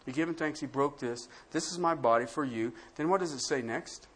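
A man pastor preaching a sermon, swinging from hushed, quiet lines to loud, acted-out quotes. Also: on the high side, brisk, breathy edge.

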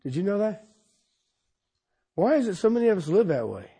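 A man preaches a folksy, funny sermon in a high, sing-song and slightly rough voice at a fairly quick pace. Speaking directly to his listeners, he swings between loud exclamations and quiet, intimate asides.

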